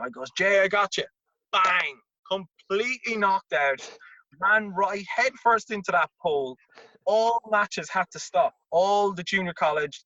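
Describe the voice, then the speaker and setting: A man, a tennis coach telling an animated anecdote as an interview guest and acting out the voices in it. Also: on the high side, dry recording. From Ireland. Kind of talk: casual storytelling. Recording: dull lo-fi remote audio.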